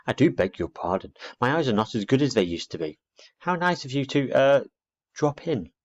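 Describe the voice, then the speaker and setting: Man putting on a genteel elderly lady, prim and scolding, lively lilt, storybook, muffled sound. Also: medium pitch, normal speed, pitched above the performer's own voice. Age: older. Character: fussy elderly woman, short-sighted and prim. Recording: dull lo-fi recording.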